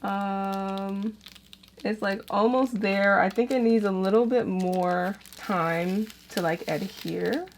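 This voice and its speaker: A woman's voice: medium pitch, fairly even intonation, slow, slight background noise. A young woman vlogging at home, chatting casually and laughing at herself as she talks through a do-it-yourself outfit project step by step. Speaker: DIY fashion vlogger. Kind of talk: casual crafting vlog.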